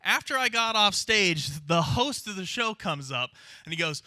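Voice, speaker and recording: Brash, profane young stand-up comic. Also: male voice, high voice, animated, bright, forceful tone, some chatter behind. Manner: brash, profane, punchy delivery with quick character voices. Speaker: stand-up comedian. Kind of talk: stand-up comedy set. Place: underground comedy club with live audience.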